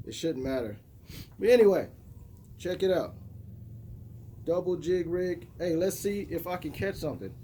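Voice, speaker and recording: A man's voice: high voice, lively intonation, moderate pace, long pauses, dark tone, a little hiss or hum. A man, chatting to viewers in a self-mocking way while fishing by a river in a snow storm. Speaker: fishing vlogger. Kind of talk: casual outdoor vlog talk.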